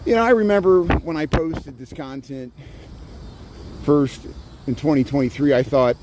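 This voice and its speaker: This Chicago-area man has a fairly high voice and talks at a moderate pace against a noisy background. He's a vlogger casually streaming a walking tour of a city park from his phone outdoors, chatting, rambling and saying hello to viewers.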